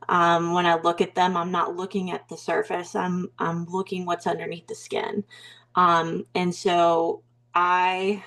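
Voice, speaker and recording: A woman's voice: lowish voice, completely flat delivery, measured pace, a bit bright. A young woman from Alabama with a Southern accent, speaking as an interview guest in a hesitant, reflective way with many fillers and restarts. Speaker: mindset coach, guest. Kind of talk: casual interview talk.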